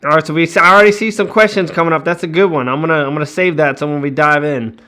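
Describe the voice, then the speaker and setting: A man's voice: fairly high pitch, steady tone, very fast, sharp tone. A man hosting a casual weekly livestream from home, greeting viewers by name and laughing often.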